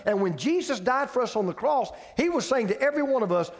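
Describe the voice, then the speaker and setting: A man's voice: very high-pitched, lively intonation, fast, few pauses, in a large hall. A male pastor preaching a sermon, conversational and emphatic, asking the congregation repeated questions. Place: church sanctuary with audience.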